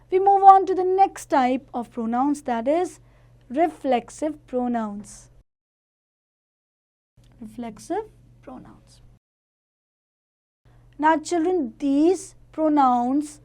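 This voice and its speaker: Slow, high-voiced woman teaching grammar. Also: darkish tone. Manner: slow, careful explaining to children. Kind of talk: grammar lesson for children.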